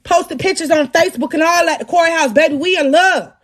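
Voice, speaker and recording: A young woman hosts a live show with a high, bright voice. She tells her story in slangy, lively talk and keeps turning to the crowd to pull them in. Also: a little fast. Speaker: podcast host.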